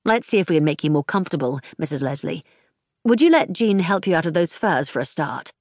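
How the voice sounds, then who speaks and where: Woman doing a calm, commanding young woman. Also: low voice, no echo, studio quality, heavily acted. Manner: calm, bracing, brisk.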